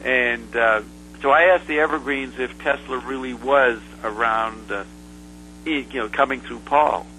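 A man being interviewed, recounting a past event in a halting, rambling way full of fillers and restarts. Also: medium pitch, fairly even intonation, bright, forceful tone, a little hiss or hum, rough recording. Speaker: interview guest. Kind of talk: casual storytelling.

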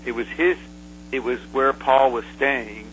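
Male guest, bright and forceful voice, rambling anecdote, lots of "uh", faint hum behind. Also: mid-range voice, rough recording. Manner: rambling, halting, full of "uh" fillers and restarts. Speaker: interview guest. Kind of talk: casual storytelling.

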